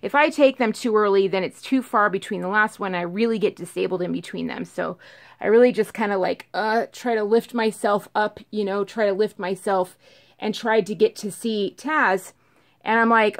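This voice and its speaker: A woman casually telling a storytime on her vlog, rambling and animated, acting out what everyone said. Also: mid-range voice, moderate pace. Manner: rambling, animated retelling full of "like" and acted-out quotes. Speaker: vlogger telling a storytime about her cat.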